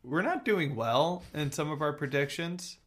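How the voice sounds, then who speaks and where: Young male podcast co-host, casual and rambling, with a bright tone. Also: fairly high pitch, lively intonation. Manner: rambling, quick bursts of talk. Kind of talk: casual sports chat.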